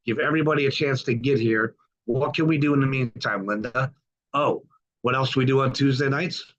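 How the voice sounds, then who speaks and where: A man's voice: mid-range voice, fairly quick, fairly bright tone. Folksy middle-aged man hosting a call. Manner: enthusiastic, folksy, repeats welcomes. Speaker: host of a group call podcast. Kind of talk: upbeat welcoming group call. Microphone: computer mic on a video call. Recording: dull lo-fi call audio.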